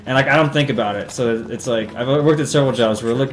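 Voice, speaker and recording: A man's voice: medium pitch, a little fast. A young man doing casual, profane, sarcastic commentary while playing a video game. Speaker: let's play host. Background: game music.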